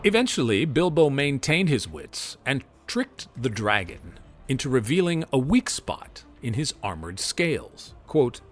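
A man giving a lecture on apologetics who reads story passages aloud in an expressive way. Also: medium pitch, unhurried, soft background music. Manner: expressive, lively reading voice. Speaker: Christian apologetics teacher. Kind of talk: lecture with read-aloud quotations.

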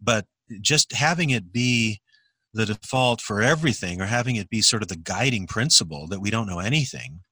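Man, low and punchy voice, measured arguer in casual chat. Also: lively intonation, sharp tone, breathy edge, no room sound. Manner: measured, argumentative, deliberate. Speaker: discussion partner. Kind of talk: casual philosophical conversation.

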